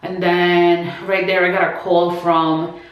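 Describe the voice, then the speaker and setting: Her pitch is fairly low and her delivery flat and slow as she shares a personal story with her followers. The vlog is chatty and full of "like," filler words, restarts and performed quotes, recorded in a heavily echoing room.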